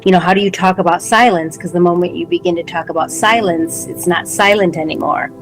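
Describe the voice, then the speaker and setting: A woman's voice: on the low side, steady tone, a little fast, over music, poor audio. A woman co-hosting a podcast, talking through spiritual ideas in a reflective, word-searching way. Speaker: podcast co-host. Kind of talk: casual spiritual conversation.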